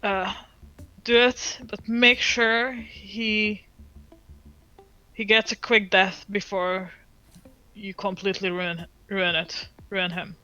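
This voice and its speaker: A woman's voice: medium pitch, level tone, slow, sharp tone, dull audio. A woman player in a tabletop game, stating her moves hesitantly with fillers.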